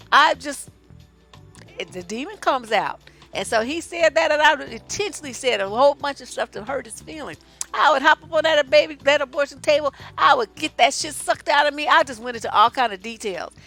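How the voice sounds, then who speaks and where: A woman relationship coach, giving blunt, profane, sassy advice while answering viewer questions on a live stream. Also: high-pitched. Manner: profane, sassy, animated storytelling.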